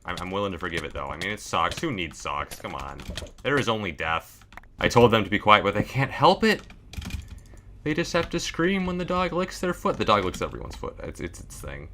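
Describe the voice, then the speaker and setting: A man telling a casual, deadpan story to his stream, with lots of "like" and dry jokes. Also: fairly low pitch, a little fast, a little hiss or hum. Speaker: gaming streamer.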